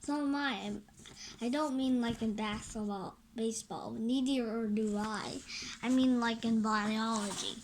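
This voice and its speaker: A woman voicing a calm, oddly wise small boy in a read-aloud of a graphic novel, matter-of-fact with small restarts. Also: fairly high pitch, slight background noise, natural voice.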